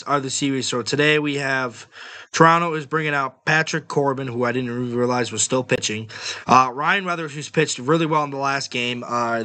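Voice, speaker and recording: A man's voice: medium pitch, pushed and bright. A man hosting a sports podcast, talking bluntly and offhandedly like a fan. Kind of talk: casual sports podcast talk.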